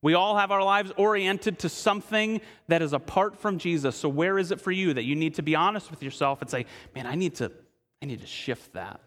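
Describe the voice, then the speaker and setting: A man preaching a sermon as pastor, earnest, asking his listeners direct questions and slowing to a hush for emphasis. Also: a little high, long reverb tail. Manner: slows and drops quiet for emphasis.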